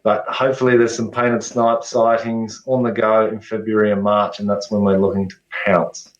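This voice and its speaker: A man speaks as a guest researcher, relaxed, friendly and plain-spoken, with a somewhat low voice. He comes through a remote call that sounds roomy and dull, with the room echoing around him. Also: normal speed. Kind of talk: casual interview chat.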